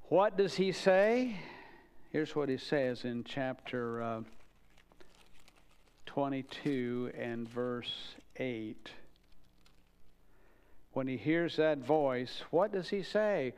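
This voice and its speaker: Earnest preacher man, slow and clear. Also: mid-range voice, a little mellow. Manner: earnest, rising emphasis on key questions. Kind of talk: sermon.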